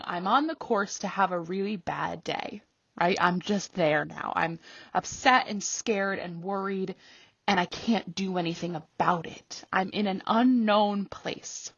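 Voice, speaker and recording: A woman hosting a podcast, telling a personal story in a casual, animated way, laughing often and rising high when acting out her own reactions. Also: measured pace, dry recording, lo-fi sound. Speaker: podcast host.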